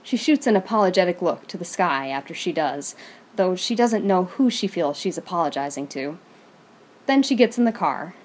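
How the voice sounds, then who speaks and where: A woman reads fan fiction aloud in a steady, even storytelling manner. Her voice sits on the low side. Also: normal speed.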